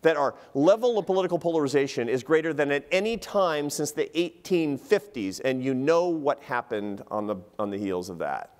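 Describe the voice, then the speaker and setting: A man giving a public lecture in a hall, telling stories in an animated, humorous way. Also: fairly high pitch, normal speed, hardly any pauses.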